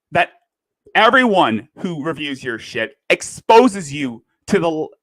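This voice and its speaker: A man's voice: fairly high pitch, a bit bright, no echo. A man in a heated, profane commentary rant, lurching between fury and apology. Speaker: livestream commentator. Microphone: desk microphone.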